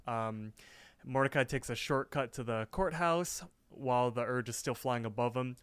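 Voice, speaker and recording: A man's voice: medium pitch, normal speed, fairly bright tone, clear, resonant tone, dry recording. A man co-hosting a podcast over a voice call, recapping a cartoon episode in a chatty way with jokey asides. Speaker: podcast co-host. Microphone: online voice call.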